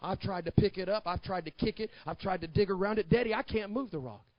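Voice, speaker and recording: A small boy, upset and pleading, insisting he has tried everything, as a man acts him out in a sermon story. The voice is high and dry, with a dull lo-fi sound. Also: fast, no echo, lightly acted.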